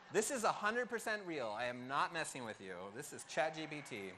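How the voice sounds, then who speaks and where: A man's voice: fairly high pitch, big pitch swings, fairly quick, few pauses, sharp tone. A man in his thirties, the master of ceremonies at a conference event, joking and self-deprecating as he reads a script aloud with mock drama. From California. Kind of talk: emcee remarks at a live event. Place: conference hall.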